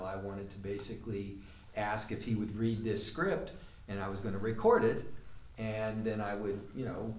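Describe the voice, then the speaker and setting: A man teaching an acting class, telling a long anecdote in a conversational way with fillers. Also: fairly low pitch. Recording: roomy, distant mic with faint noise.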